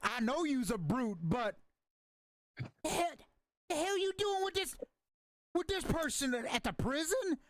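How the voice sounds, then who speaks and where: A man voicing a gruff male military lieutenant who barks orders in a tabletop game. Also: extremely high pitch, big pitch swings, unhurried, long pauses, pitched above the performer's own voice, exaggerated voice. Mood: commanding. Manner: barking orders.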